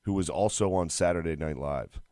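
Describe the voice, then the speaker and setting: A man's voice: low voice, moderate pace, warm tone, no echo, clean studio sound. A comedian in his thirties, chatting as a podcast guest in a laid-back way, chuckling and repeating "yeah". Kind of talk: casual podcast chat.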